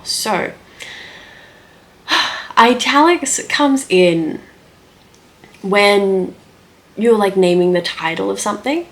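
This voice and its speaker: Chatty young woman thinking aloud. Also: mid-range voice. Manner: chatty, thinks aloud, many ums and likes. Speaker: writing vlogger. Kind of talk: casual screen-share talk.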